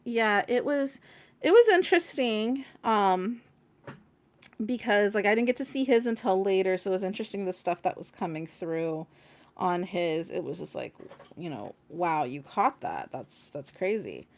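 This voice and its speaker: A woman's voice: medium pitch, moderate pace. Chatty woman telling a story on a livestream. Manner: chatty and animated, heavy with fillers and casual swearing. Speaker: tarot reader and stream host.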